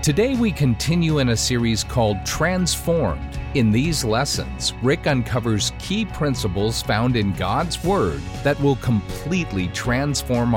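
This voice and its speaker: A male radio announcer reading a scripted, upbeat promotional introduction. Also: mid-range voice. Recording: guitar music behind.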